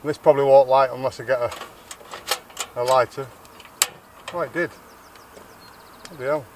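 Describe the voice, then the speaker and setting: A man's voice: medium pitch, steady tone, moderate pace, a little hiss or hum. A man from Lancashire rambling chattily in a casual outdoor vlog, correcting himself as he goes. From Lancashire, England. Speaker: vlogger. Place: outdoors in a garden.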